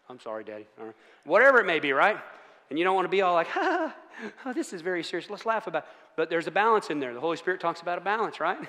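A man's voice: a little high, a bit bright. A man preaching a casual, joking sermon, often asking the room for agreement. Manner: chatty, self-mocking, asks the room for agreement. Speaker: pastor. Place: church sanctuary. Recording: long church hall reverb.

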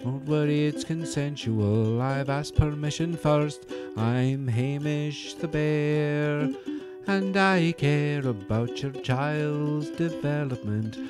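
A man voicing a gentle male toy bear with a soft, high, grandmotherly Scottish lilt. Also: over music. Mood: sweetly earnest. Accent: soft Scottish (put on). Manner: slow, sweet, doting.

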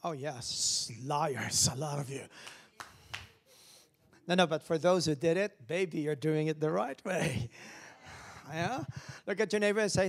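A man preaching as pastor, animated, swinging from loud calls down to hushed whispers. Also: fairly high pitch, unhurried, long pauses. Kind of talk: lively sermon.

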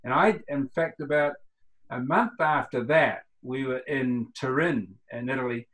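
Over poor audio comes a mid-range, fairly bright male voice moving a little slowly. He's a New Zealander of about seventy, a retired runner with a Kiwi accent, who as an interview guest tells loose, rambling anecdotes and plays out the quoted lines.

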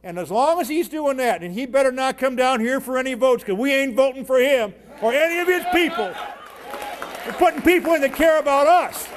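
A man, a union leader, giving a fiery rally speech, rousing the crowd with shouted call-and-response. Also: very high voice, a little fast. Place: organizing rally hall with a crowd. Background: faint crowd.

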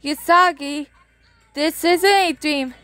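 A woman's voice: high-pitched, takes it slowly, bright, forceful tone, heavily acted. A woman voicing a bossy, earnest talking cat mentor who gives firm instructions, with faint music behind. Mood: instructive.

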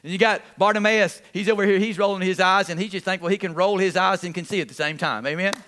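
High, bright-voiced preaching pastor. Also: male voice, quick pace. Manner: repetitive, animated preaching with audience call-outs. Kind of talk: sermon.

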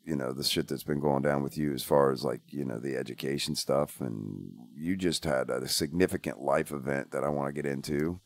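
A man's voice: a bass voice, brisk, gravelly, hardly any pauses, dry recording. A man in his forties hosting a casual family podcast, joking and swearing, rambling with plenty of fillers. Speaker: podcast host. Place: home studio.

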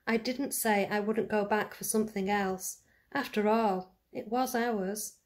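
A woman voicing a brave, kind-hearted boy hero in a read-aloud storybook, with a high, eager boyish voice. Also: fairly even intonation, measured pace, close to an everyday voice. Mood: scheming.

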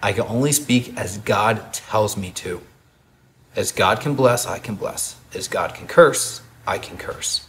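A man's voice: lowish voice, measured pace, fairly bright tone, a little hiss or hum. A man doing a laid-back, breezy prophet. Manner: casual, breezy, slangy.

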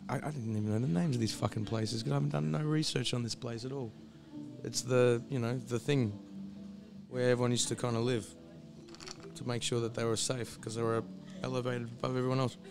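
A man with a husky, gravelly voice chats loosely at an ordinary pitch, sounding hoarse as if his voice is still recovering. He rambles and swears freely, with a guitar playing clearly behind him. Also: fairly even intonation, a little fast. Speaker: live-streamer. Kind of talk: casual pre-stream chat. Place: hostel.

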